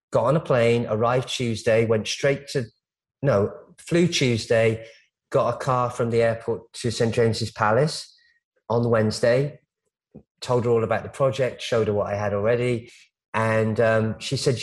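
A man's voice: mid-range voice, moderate pace, low-quality recording. A man, a stylist, chatting as a guest in an interview, telling long stories full of restarts and fillers. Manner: rambling, storytelling with frequent restarts and fillers. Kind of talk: casual interview chat.

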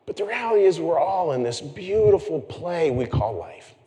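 A male pastor delivering a relaxed, conversational sermon in a church sanctuary, his slightly high voice trailing off into a long hall reverb. He talks with animation and drops in self-deprecating asides. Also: moderate pace.

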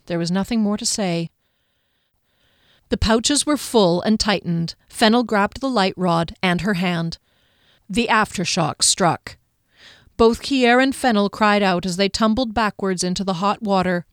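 A woman narrating an adventure story in an audiobook in a steady, measured way. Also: medium pitch, clear, resonant tone, no room sound, clean studio sound.

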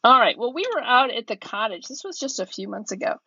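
Podcast co-host, woman, higher voice, a bit dull on the mic, storyteller. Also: fast talker, husky, no room sound. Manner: animated storyteller, acts out her own yelling. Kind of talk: casual storytelling chat.

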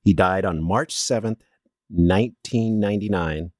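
A man with a low voice talks through a story from his notes in a casual podcast chat. He reads steadily but stumbles and restarts now and then. The sound is close and dry. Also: a little slow, no echo. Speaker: podcast co-host presenting the story.

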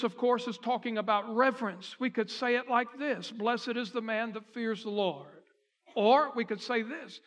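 Bright-voiced man preaching a sermon. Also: sits high. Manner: preaching with emphatic repetition, slowing on key phrases. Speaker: pastor. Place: church sanctuary.

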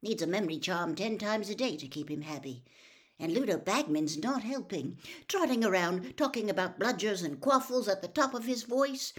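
A woman's voice: medium pitch, expressive, moderate pace, lightly acted. A worn-out male wizard official, muttering and grumbling under his breath, as a woman storyteller puts him on. Tired and fed up, in a storybook reading. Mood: weary. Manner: muttering, weary.

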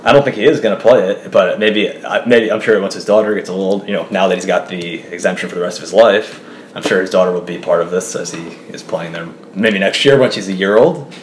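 A man speaking as a guest on a podcast, talking eagerly and quickly about golf. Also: deep voice. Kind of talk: casual podcast chat. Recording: echoey room with faint hum.

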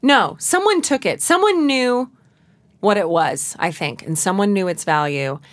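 A woman's voice: medium pitch, animated, measured pace. A woman guest in casual conversation who tells chatty stories dramatically, acting out quotes. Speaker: guest, singer. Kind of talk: casual chat.

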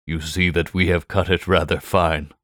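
A brilliant middle-aged detective, read by a man, speaks calmly and with measured, faintly superior poise. The voice sits very low. The sound is dry and close, with no room around it. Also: dry recording. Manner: calm, measured, quietly superior. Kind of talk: audiobook character voice.

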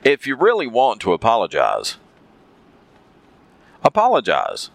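Lively-voiced man telling a story. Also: medium pitch, unhurried, vocal fry, no room sound. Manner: storytelling, repeats phrases for emphasis. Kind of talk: casual monologue.

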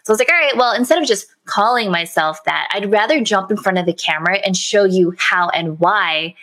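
A woman guest on a podcast, telling stories in a lively, casual way. Her voice is mid-range for a woman, and she fills her talk with "like" as she goes. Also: mid-range voice, a little fast. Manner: animated storyteller, many "like" fillers. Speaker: podcast guest, social media strategist. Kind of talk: casual interview chat.

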